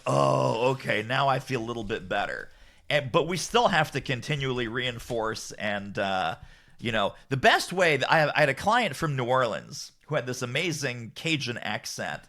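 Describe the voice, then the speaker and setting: Middle-aged guy with a bright, forceful voice, super animated, jumps way up in pitch doing other people's lines. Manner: lively, acts out quotes with big pitch jumps, laughs often. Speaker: guest, author and business strategist. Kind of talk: animated storytelling in podcast chat.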